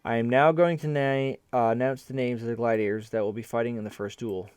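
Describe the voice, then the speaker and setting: Guy reading a bored formal announcer, flat delivery, mid pitch. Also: a little fast, clear, resonant tone, no echo, studio quality, lightly acted. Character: bored male arena announcer.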